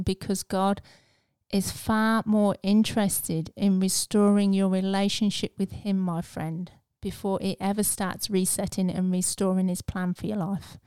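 A woman hosting a devotional podcast, speaking earnestly and encouragingly and dropping to a hush at tender moments. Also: medium pitch, clear, resonant tone, no room sound, studio quality. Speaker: podcast host.

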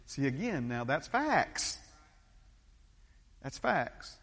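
A middle-aged pastor delivering an emphatic sermon, his voice swinging from hushed to loud. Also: very animated, slow pace, pauses often, breathy edge. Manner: emphatic preaching with big swings in pitch and loudness. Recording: long church reverb.

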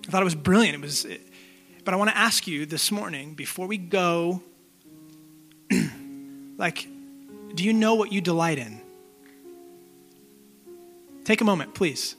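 Male pastor, 30s, high-ish voice, casual conversational sermon over faint guitar. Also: expressive, a bit bright. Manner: conversational, direct, asks questions, pauses to let listeners think.

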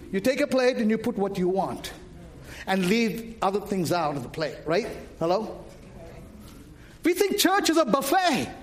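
A male preacher delivers a sermon in a high voice that rises to shouts and drops low again. He calls questions straight to the congregation and keeps them answering.

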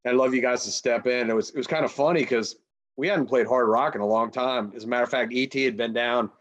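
A man guest on a podcast, a rock bassist, chatting in a laid-back way and laughing easily. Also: quick pace, muffled recording. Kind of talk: casual chat.

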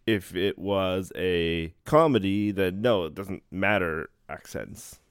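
Blunt low-voiced man debating movies. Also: slow pace, smooth, dry recording, studio quality. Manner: blunt, explains points plainly, swears casually. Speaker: podcast co-host. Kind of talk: casual podcast debate.

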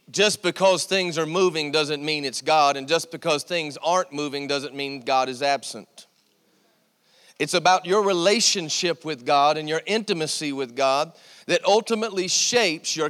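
A man's voice: sits high, fairly bright tone. A male pastor preaching a sermon in a church, with call-and-response "Amen?" and repeated "See," as he builds his points. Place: church sanctuary. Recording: long church reverb.

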